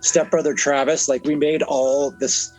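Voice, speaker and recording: A man's voice: fairly high pitch, flat delivery, measured pace, soft background music, low-quality recording. A young man co-hosting a podcast, recapping a horror film in loose, profane chat and laughing often. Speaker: podcast co-host. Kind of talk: casual movie review chat.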